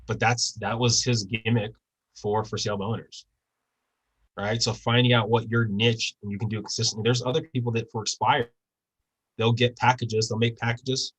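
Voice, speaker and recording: A man's voice: medium pitch, flat delivery, moderate pace, fairly bright tone, husky, poor audio. A man giving a casual real estate training talk over a video call, often checking in with tag questions.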